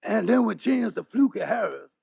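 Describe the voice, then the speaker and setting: Amos: a man voicing a gravelly, high, drawling middle-aged guy for a 1940s radio comedy, dull old broadcast sound. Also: lively intonation, moderate pace, no room sound, heavily acted. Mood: easygoing.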